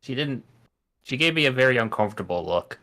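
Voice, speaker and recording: A man at a tabletop game chats casually, restarting his sentences as he speeds along. His voice is bright and forward. He sounds relaxed among friends. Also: mid-range voice. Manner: quick, restarting thoughts. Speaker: player.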